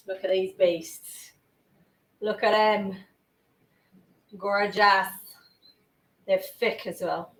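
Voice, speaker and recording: Speaking slowly with long pauses in a mid-range voice, a young woman bakes in her kitchen and talks to her livestream chat. She's excitable and sweary, frequently drifting from the mic, in an echoey room with faint ambience.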